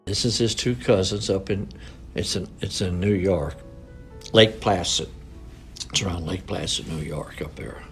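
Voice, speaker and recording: Gravelly older man telling folksy stories. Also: low voice, unhurried, soft background music. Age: 80s. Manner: folksy, rambling, colloquial grammar. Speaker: minister's son recounting family photos. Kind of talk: informal storytelling.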